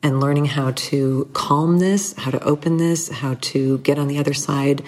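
A middle-aged woman speaking candidly and thoughtfully as an interview guest, with soft laughs between thoughts. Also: low-pitched, fairly even intonation, moderate pace. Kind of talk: reflective conversational interview.

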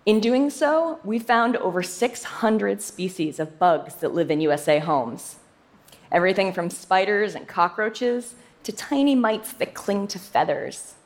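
A young adult woman scientist giving a prepared public talk with a lively, emphatic delivery and playful asides. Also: medium pitch, measured pace.

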